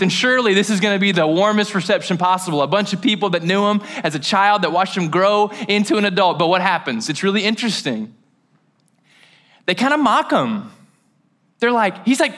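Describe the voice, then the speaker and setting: High bright-voiced preacher from Kentucky. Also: male voice. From Mayfield, Kentucky, USA. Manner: chatty and joking, with slangy asides. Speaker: pastor. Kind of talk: casual, humorous sermon. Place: church service. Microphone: handheld or headset mic.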